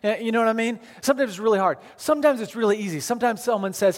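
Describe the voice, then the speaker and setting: A man's voice: high voice, fast, in a large hall. A man preaching a sermon in a conversational way, retelling scripture in everyday words. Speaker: pastor.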